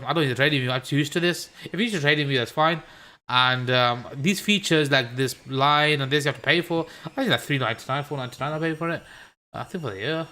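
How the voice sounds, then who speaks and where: Brummie guy, crypto streamer, casual and sweary, slightly high voice, rambling live chart analysis. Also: pushed and bright. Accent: Birmingham. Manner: chatty, joking asides, swears at chat. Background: washing machine noise.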